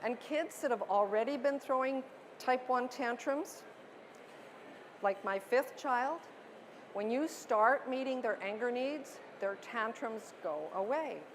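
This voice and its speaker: Middle-aged female parenting speaker, light higher voice, emphatic and earnest presenter. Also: slow, a little hiss or hum. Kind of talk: presentation to an audience. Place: book expo talk.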